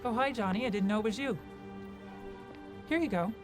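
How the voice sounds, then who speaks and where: An actress playing a friendly florist in a film clip, with chirpy, flat delivery. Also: female voice, on the high side, brisk, close to an everyday voice. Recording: film clip with music, distant. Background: music.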